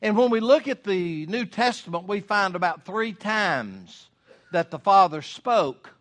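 An earnest preacher man with a somewhat high voice delivers a folksy sermon. He builds to loud, drawn-out emphasis on his key points. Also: lively intonation. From United States. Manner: earnest, folksy, rising to loud emphasis when voicing God.

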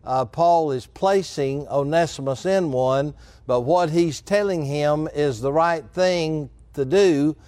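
A man delivers a sermon in a measured, earnest way, often turning to speak straight to his listeners. His voice sits a little high for a man. The sound is dry and close, with no room around it. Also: a little mellow, smooth, dry recording. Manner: measured, earnest preaching with asides to the congregation. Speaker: pastor.

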